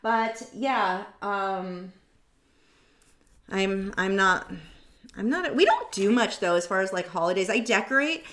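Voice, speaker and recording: A woman's voice: mid-range voice, expressive, slow, pauses often, fairly bright tone. Chatty woman painting live, roomy sound. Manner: rambling, tangent-prone, self-mocking. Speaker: artist hosting a painting livestream. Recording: roomy echo.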